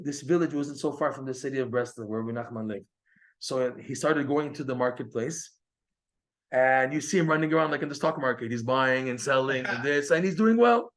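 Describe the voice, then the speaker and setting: A man teaching a Torah class, telling a story in a lively way and acting out the quoted dialogue. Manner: animated, acts out quoted dialogue with raised pitch. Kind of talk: storytelling lecture.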